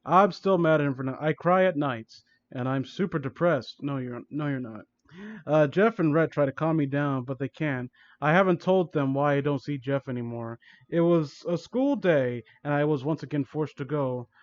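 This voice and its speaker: A man's voice: a little high, moderate pace, no room sound, lo-fi sound. A young man reading a fan story aloud for comedy, breaking off into sarcastic, exasperated commentary.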